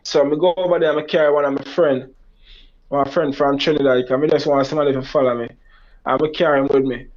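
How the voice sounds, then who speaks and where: A man's voice: medium pitch, fairly even intonation, fast, a little mellow. Jamaican man telling a family story. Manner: rambling, Jamaican Creole phrasing, acts out quoted lines in a raised voice. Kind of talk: personal storytelling. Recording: dull lo-fi sound.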